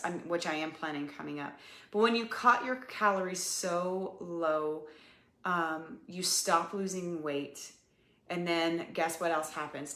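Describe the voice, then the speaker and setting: A woman's voice: on the low side, fairly bright tone, echoey room. A woman hosting a fitness podcast, coaching listeners in a casual, chatty way with lots of ums and "you guys.".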